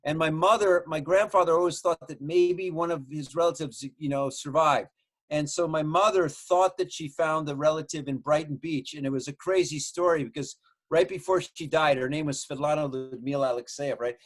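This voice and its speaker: A man's voice: fairly high pitch, steady tone, normal speed. A man in his sixties, a guest filmmaker, telling rambling stories from his home with lots of swearing and restarts. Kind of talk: casual storytelling chat.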